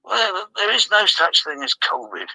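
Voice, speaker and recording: A man's voice: high-pitched, big pitch swings, normal speed, creaky, pushed and bright, no room sound, rough recording. A man, a comedy guest telling absurd tall tales in a matter-of-fact way. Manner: rambling tall tales told matter-of-factly.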